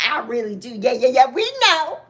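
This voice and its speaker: A woman's voice: sits high, very animated, moderate pace, fairly bright tone, breathy edge. A woman in her sixties hosting a casual livestream, chatting affectionately with viewers and greeting them by name. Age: 60s. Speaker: livestream host. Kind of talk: casual livestream chat reading comments.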